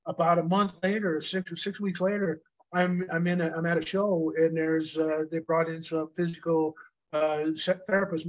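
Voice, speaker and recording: A middle-aged man with a fairly high voice that stays level and barely rises or falls. He tells old stories from his wrestling days in a loose, profane, rambling way, repeating phrases as he goes. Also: low-quality recording. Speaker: retired pro wrestler telling stories. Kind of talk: casual storytelling chat.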